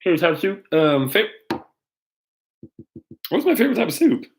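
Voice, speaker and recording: A man's voice: high voice, very animated, moderate pace, gravelly. A young man, a youth pastor, casually answering viewer questions in a playful, rambling way with frequent laughs and ums. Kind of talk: casual live-stream Q&A.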